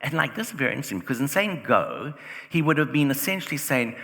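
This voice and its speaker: A man's voice: mid-range voice, sing-song, fast, gravelly, sharp tone. A man preaching a sermon in a church, in a conversational way, often using "like" and asking rhetorical questions. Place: church hall. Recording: reverberant church hall.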